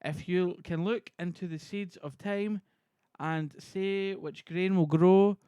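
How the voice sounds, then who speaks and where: A wary noble soldier from an old stage play, read by a man in his everyday voice. The delivery halts and stumbles, and the voice is high and dry. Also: steady tone, dark tone, clear, resonant tone, no room sound. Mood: puzzled. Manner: halting, stumbling reading.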